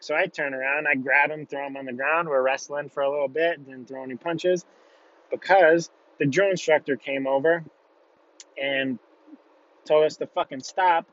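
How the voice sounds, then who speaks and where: A man's voice: on the high side, fairly bright tone, dry recording. A young man casually telling a personal story in a blunt way, with heavy swearing. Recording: dull, lo-fi, dry.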